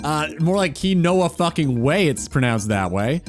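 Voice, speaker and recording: Playful streamer man, lively pitch. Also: moderate pace, hardly any pauses, soft background music. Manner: playful, teasing, mock-incredulous. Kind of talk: casual gaming stream chat.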